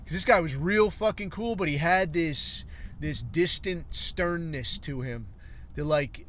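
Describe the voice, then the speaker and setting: A man in his forties tells a long story on his podcast, swearing freely and wandering between asides. His voice sits a little high for a man and his tone stays wry. A faint noise lies under the talk. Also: unhurried, fairly bright tone. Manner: profane, rambling, wry. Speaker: podcast host. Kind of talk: casual storytelling monologue.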